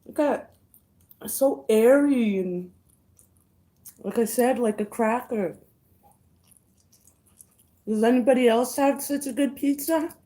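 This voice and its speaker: Warm in tone and fairly high in pitch, this woman is a vlogger eating live on stream. She takes her time, chewing and murmuring over each bite while calling out her chat viewers by name.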